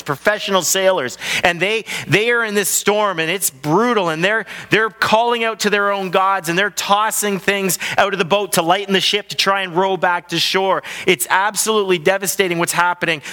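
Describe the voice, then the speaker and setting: Bright-voiced pastor in a reverberant hall. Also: male voice, high-pitched. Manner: animated storytelling, acts out voices. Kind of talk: sermon. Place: large church hall.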